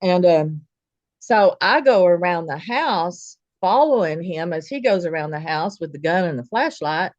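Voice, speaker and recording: A woman's voice: on the low side, lively intonation, a little slow, darkish tone, no echo, dull audio. Folksy woman telling a spooky story. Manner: vivid, folksy retelling with quoted dialogue. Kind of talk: personal story told casually.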